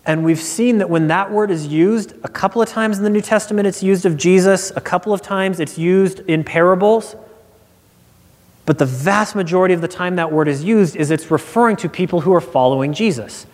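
A man preaching a sermon, earnest and expressive, acting out quotes as he tells a personal story. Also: high-pitched, moderate pace. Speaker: pastor. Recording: long hall reverb.

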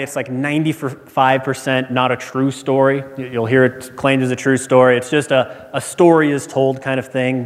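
A pastor preaching a sermon in a relaxed, conversational storytelling way that builds to emphatic repetition. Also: male voice, medium pitch. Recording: church hall reverb.

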